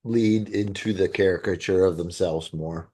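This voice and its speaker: A man's voice: low-pitched, steady tone, normal speed, warm tone. A man co-hosting a podcast, chiming in with short remarks in casual chat. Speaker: podcast co-host.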